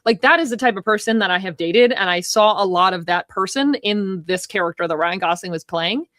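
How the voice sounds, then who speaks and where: A woman's voice: mid-range voice, a little fast, a bit bright, no echo. Female co-host, casual and heated, curses freely, dry recording. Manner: heated, rambling, swears often. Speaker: podcast co-host. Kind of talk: casual film discussion.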